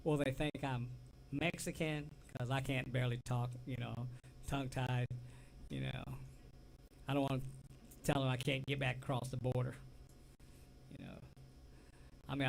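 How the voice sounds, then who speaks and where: A man's voice: medium pitch, normal speed, gravelly, long pauses, slight background noise, low-quality recording. A man with a Southern US accent co-hosting a casual talk show, telling rambling stories and often trailing off. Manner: rambling storyteller, laughs easily, trails off mid-sentence. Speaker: co-host. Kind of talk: casual chat.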